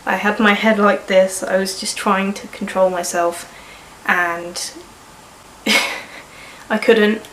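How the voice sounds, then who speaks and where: A woman's voice: mid-range voice, steady tone, takes it slowly, long pauses, fairly bright tone, roomy sound, slight background noise, low-quality recording. A woman in her early twenties with a cold, vlogging in a frank, rambling way and swearing casually. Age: early 20s. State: sniffly with a cold. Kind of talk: candid personal vlog.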